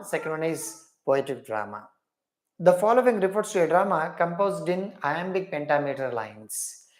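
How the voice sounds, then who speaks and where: A man teaching English literature in a live online class, repeating each question and praising every student's answer. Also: fairly high pitch.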